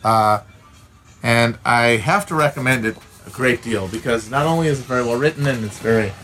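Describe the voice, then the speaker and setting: A Midwestern-accented man rants to his stream audience, blunt, opinionated and full of swearing, often restarting his sentences. His voice sits at a middling pitch for a man. A faint layer of background noise hangs under his talk. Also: normal speed. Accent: Upper Midwestern American. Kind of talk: casual ranting monologue.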